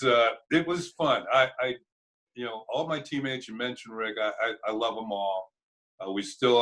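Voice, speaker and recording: An older man with a low voice tells stories from his playing days at an easy pace, laughing now and then. He acts out the lines of people he quotes. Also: fairly bright tone, low-quality recording. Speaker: former ballplayer and broadcaster, guest. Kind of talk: casual storytelling interview.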